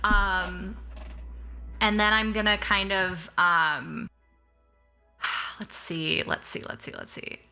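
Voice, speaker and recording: A woman playing a tabletop game, talking in a hesitant, halting way with many fillers. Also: mid-range voice, gravelly, sharp tone, faint music behind. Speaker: player.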